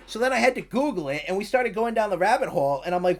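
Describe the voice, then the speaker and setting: Animated, swearing livestreamer at home. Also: medium pitch, fairly quick, few pauses. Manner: animated, swears freely when ranting; soft cooing baby talk to the cat. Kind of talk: casual livestream chat. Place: home streaming room.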